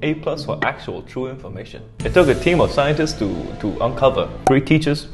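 A young man doing comedic reaction commentary, animated and laughing often as he reacts to fan memes. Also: medium pitch, fairly quick, gravelly, music in the background. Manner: animated, laughs often, switches into exaggerated voices.

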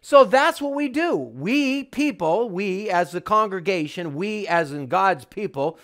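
A man's voice: high voice, lively intonation, unhurried, a bit bright. A man preaching a sermon as a home church teacher, fervent and emphatic, driving his points home with repeated refrains.

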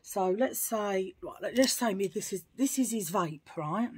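Husky woman telling a story. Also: mid-range voice, measured pace. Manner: animated, full of asides and restarts. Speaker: vlogger. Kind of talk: chatty storytelling to camera.

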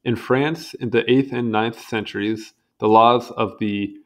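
A man's voice: mid-range voice, steady tone, a little slow, hardly any pauses, highs cut off. A young man casually reading an encyclopedia article aloud, stumbling over hard words and adding wry asides. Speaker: reader.

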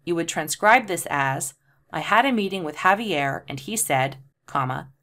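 Woman, low pitch, tutorial voice, reads examples aloud, names punctuation marks. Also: lively intonation, normal speed, a bit bright. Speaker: transcription tutor. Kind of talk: screen-share tutorial.

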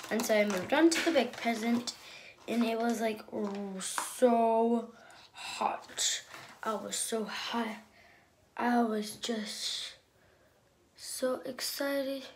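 A young woman telling a casual storytime, chatty and excitable, with many fillers. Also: fairly high pitch, extremely slow, pauses often, slight background noise.

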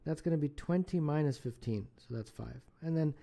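A man working through contest math problems aloud as a tutor, casual and quick to correct his own slips. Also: fairly high pitch, vocal fry, mellow.

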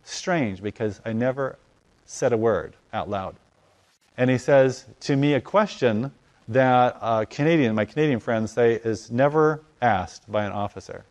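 A man recounting a personal story in conversation with a lively, theatrical delivery. He acts out both sides of the dialogue, climbing loud and high and then dropping to a hush. His voice sits at a middle pitch. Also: unhurried. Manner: animated, acts out dialogue with voice rising and falling. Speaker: guest telling a testimony.

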